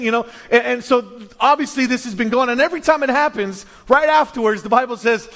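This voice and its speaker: Guy preaching, high-pitched, tells the story with lots of restarts and little acted voices. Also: brisk, few pauses. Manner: animated storytelling, acts out voices, many restarts. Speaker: pastor. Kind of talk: sermon.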